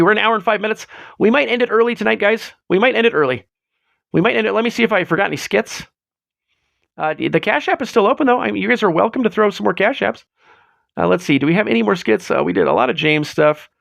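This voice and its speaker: Man, live show host, gravelly voice, lively swings in pitch, excitable rambling stories, dry close sound. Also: no room sound. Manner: rambling, excitable storytelling with swearing. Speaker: livestream host. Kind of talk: casual live show chat.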